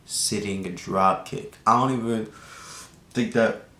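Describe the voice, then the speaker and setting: A young man telling a casual storytime vlog, slangy and animated, with lots of fillers. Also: slow. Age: young adult. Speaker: vlogger. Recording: echoey room with faint rumble.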